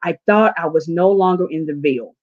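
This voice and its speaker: Phone-quality sound carries a lowish female voice speaking a little fast. A life coach from the southern United States, she tells her story in an interview, animated and acting out her own dialogue in quotes.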